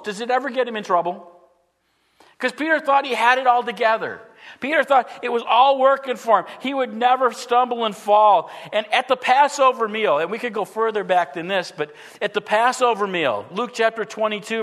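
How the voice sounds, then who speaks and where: A man with a high-pitched voice delivers a church sermon. He is earnest, asks the room question after question, and acts out the quotes in his story. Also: bright, forceful tone. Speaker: pastor.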